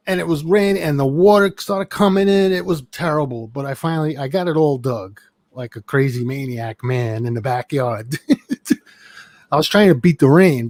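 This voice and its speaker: A man's voice: mid-range voice, a little mellow, no echo. A middle-aged man casually telling a long, rambling story with plenty of swearing. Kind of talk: casual chat.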